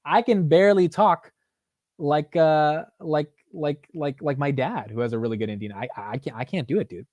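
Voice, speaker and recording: A man's voice: a little high, normal speed, darkish tone, no room sound. A young man with an American accent hosting a casual market livestream, chatty and slangy. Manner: casual, slangy, says dude and bro. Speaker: market show host.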